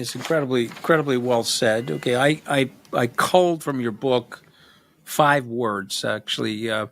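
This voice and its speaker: A man's voice: mid-range voice, a bit bright, dry recording. Host, male, interviewer who stammers and restarts, dry close sound. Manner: quick rapid-fire prompts, stammering restarts. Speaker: podcast host. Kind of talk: casual interview.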